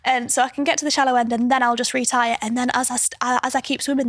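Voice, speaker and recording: A young woman in her twenties chats as a podcast guest. Her voice sits a little high, and she often breaks into laughter mid-sentence. The sound is dry and close. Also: flat delivery, racing, few pauses, fairly bright tone, dry recording. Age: 20s. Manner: chatty, laughs through stories, frequent restarts and likes. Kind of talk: casual chat, storytelling.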